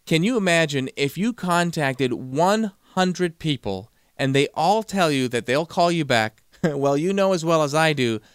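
A man's voice: on the high side, animated, a little slow, clear, resonant tone, dry recording, studio quality. A man giving a motivational talk, telling stories and acting out the quoted voices. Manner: storytelling, acts out quoted voices. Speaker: motivational speaker.

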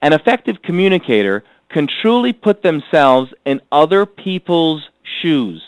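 A man's fairly high voice leads a workbook lesson in a dry, close sound. He repeats key phrases slowly so listeners can fill in the blanks, and he keeps an earnest, motivational tone. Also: big pitch swings, clean tone, dry recording, rough recording. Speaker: course instructor.

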